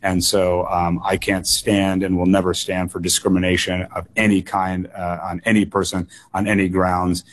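A man with a fairly low voice, talking as a political candidate on a radio call-in show. He answers in an earnest, measured way and often doubles words for emphasis. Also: little pitch movement, a little hiss or hum.

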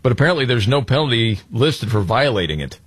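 A man's voice: mid-range voice, big pitch swings, quick pace, husky, no echo. A man co-hosting a talk radio show, chatting and joking about the news with his co-hosts. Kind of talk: casual talk radio banter.

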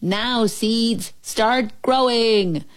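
A woman's voice: fairly low pitch, animated, measured pace, slightly rough. A woman voicing a fussy, anxious male toad who lives by his lists, in a storybook read-aloud. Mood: earnest. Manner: fretful, wailing when upset.

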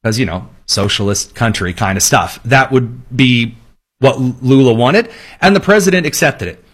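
A man's voice: medium pitch, animated, normal speed, breathy edge. A man delivering solo political commentary in an emphatic tone, with sarcastic asides. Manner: emphatic, sarcastic asides, mock pleading voices for quotes.

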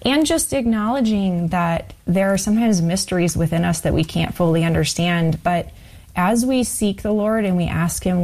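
A woman co-hosting a faith radio show, offering encouragement in a measured, reflective way. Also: mid-range voice, a little mellow.

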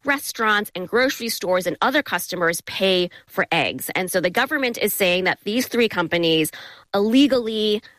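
A woman's voice: medium pitch, expressive, moderate pace, a bit bright, no echo. Dry-toned woman explaining news. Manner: clear, explanatory, lightly playful. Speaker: correspondent. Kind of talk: radio news interview.

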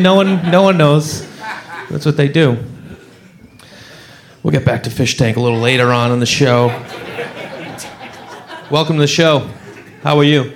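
A young male stand-up comedian tells a rambling story and acts out each character's voice. His pitch sits a bit high and swings widely. His delivery is animated throughout. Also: brisk.

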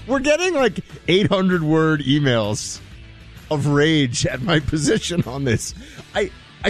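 A male radio co-host in casual, wry talk-radio banter, defending himself with animated storytelling. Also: on the high side, slow pace, faint music behind.

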